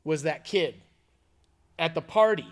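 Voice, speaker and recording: A man co-hosting a podcast, telling a long story in a casual, animated way with plenty of swearing. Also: fairly high pitch, a little slow. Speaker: podcast co-host.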